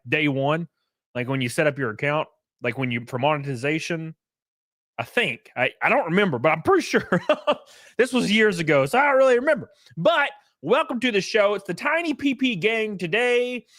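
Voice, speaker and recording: Lively young guy, high voice, profane rambling stream chat. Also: no room sound, studio quality. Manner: animated, rambling, profane, jokey. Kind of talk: casual livestream chat.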